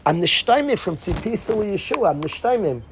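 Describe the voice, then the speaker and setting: A male rabbi giving an informal, animated talk full of stories and sprinkled with Yiddish and Hebrew terms. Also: high voice, fairly quick, slight background noise. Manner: acts out conversations in quoted voices.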